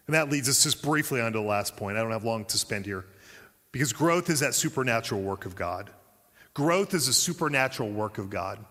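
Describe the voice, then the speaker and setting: A pastor preaching a sermon, lively, acting out the voices he quotes. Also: mid-range voice, a little fast, big-room sound. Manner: animated, acts out quoted voices.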